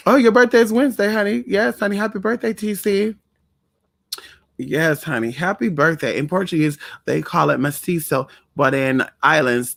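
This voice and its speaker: A man's voice: on the high side, a bit bright. Sassy, campy man chatting on a livestream. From Puerto Rican family in the US. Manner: sassy, profane, campy, greets viewers in chat. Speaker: livestream host and spiritual reader. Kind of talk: casual livestream chat.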